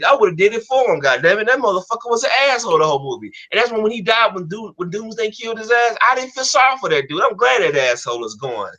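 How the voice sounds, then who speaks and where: Fast, bright-voiced man ranting angrily. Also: high-pitched, highs cut off. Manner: profane, angry, repeats himself. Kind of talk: heated casual rant.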